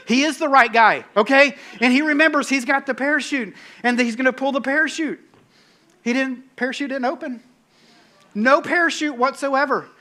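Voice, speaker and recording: A man preaching a sermon, telling a story in an animated, self-mocking way and acting out his own panic. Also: very high-pitched, quick pace. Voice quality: bald-headed, bearded. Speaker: pastor.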